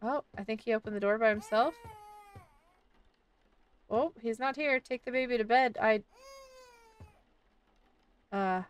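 A woman with a fairly high voice gives chatty let's-play commentary and talks playfully to an on-screen baby. Her voice sits a little back from the microphone. It is a relaxed, casual delivery. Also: a little slow, pauses often, distant mic. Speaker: gaming YouTuber.

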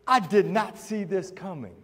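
A middle-aged man preaching a sermon, telling a story and acting out the dialogue before building to shouts. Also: high-pitched, normal speed, husky. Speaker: pastor. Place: church sanctuary. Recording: church hall with long reverb.

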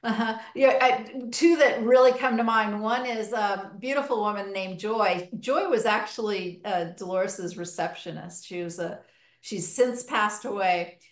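A woman's voice: medium pitch, measured pace. A woman hosting a podcast conversation, telling stories from her hypnotherapy sessions with enthusiasm. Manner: enthusiastic, storytelling. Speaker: hypnotherapy practitioner and host. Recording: echoey room.

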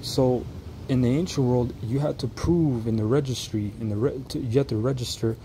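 Man, mellow dark voice, reaction commentary, reads scripture slowly, restarts sentences, faint background hiss. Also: mid-range voice, poor audio.

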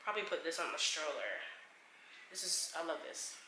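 A woman's voice: deep voice, very animated, normal speed, sharp tone, echoey room, a little hiss or hum. A young woman chatting casually to her viewers, gushing over baby shower gifts and calling them y'all. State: expecting a baby. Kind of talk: casual haul vlog.

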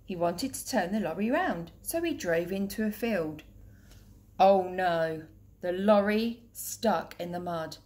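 A woman teacher reading a children's picture book aloud in a clear, steady, gentle voice. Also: on the low side, slow pace.

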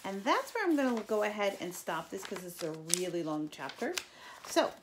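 A woman teacher reading a novel chapter aloud for her students, casual and expressive. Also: medium pitch, normal speed, background noise.

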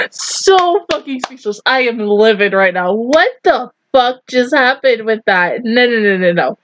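High, animated woman reacting loudly. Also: takes it slowly, slight background noise, poor audio. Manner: loud, swearing, disbelieving outbursts with laughter. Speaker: anime reaction YouTuber. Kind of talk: casual reaction commentary.

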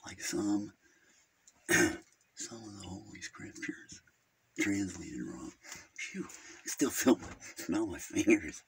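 A man's voice: on the low side, slightly rough, exaggerated voice. A man playing a naive, rambling caller named Virgil who keeps drifting off topic on a phone call. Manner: rambling, easily sidetracked, crude. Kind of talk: comedic character phone call.

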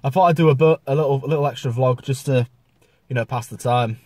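A man's voice: mid-range voice, fast, a little mellow, no room sound. A man with a mix of Yorkshire and Southern English accents, chatting casually in a vlog and stumbling over his words. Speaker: vlogger.

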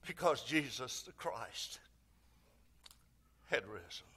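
A man's voice: mid-range voice, a little slow, pauses often, fairly bright tone. A man preaching an Easter sermon, with dramatic swells and phrases half sung and stretched out. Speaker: pastor. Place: church sanctuary.

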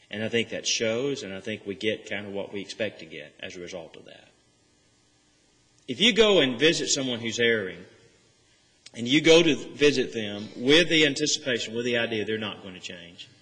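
With a low yet bright and forceful voice, a man delivers an earnest sermon, explaining scripture verse by verse and pressing key phrases. The recording comes from a church sanctuary with long reverb.

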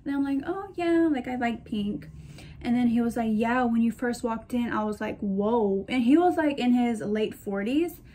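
Young woman, casual vlogger, slightly high voice, gushing and chatty. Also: animated, moderate pace, warm tone. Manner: gushing, chatty, talks to her purses. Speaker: shopping vlogger. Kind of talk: casual chat to camera.

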